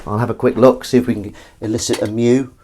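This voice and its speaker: A man's voice: medium pitch, flat delivery, quick pace, mellow, a little hiss or hum, poor audio. A man hosting a livestream, chatting in rambling, self-mocking banter full of ums and asides while washing up in his kitchen. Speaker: livestream host. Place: home kitchen at the sink.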